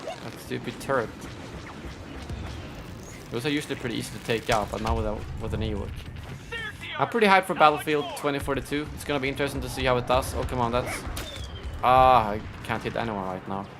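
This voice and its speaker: A man's voice: medium pitch, quick pace, pauses often. A man streaming a shooter game live, chatting casually, thinking aloud, grumbling at his play and thanking donors. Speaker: gaming streamer. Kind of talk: casual live-stream commentary while playing. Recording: clear background noise.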